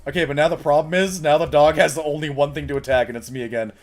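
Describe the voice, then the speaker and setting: A man giving live, excitable commentary while playing a video game, laughing and shouting commands to a pet. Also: a little high, fast. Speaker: game streamer.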